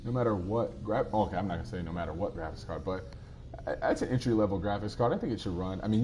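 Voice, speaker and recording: A man with a deep, low voice chatting his way through a live game stream. He is relaxed and rambling, answering viewers' comments as they come in. A faint hiss sits behind him. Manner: easygoing and rambling, answering chat as he plays.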